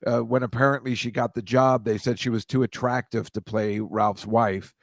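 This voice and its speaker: A rambling older man over sixty-five, telling self-deprecating stories in an easy, casual way. His voice is mid-pitched and sounds dry and close, with no room around it. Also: fairly even intonation, normal speed, dry recording. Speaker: podcast co-host. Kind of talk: casual chat.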